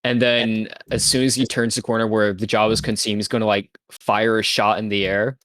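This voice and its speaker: Lowish-voiced man playing his tabletop character. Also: level tone, a little fast, a bit bright, no room sound. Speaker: player.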